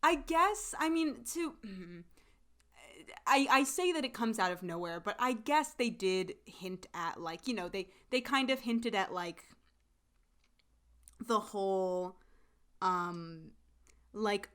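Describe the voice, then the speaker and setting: Speaking at a medium pitch, a bit slowly, a woman sounds animated and slightly bright as she co-hosts a podcast. She chats casually about a drama, stressing her points and using lots of fillers.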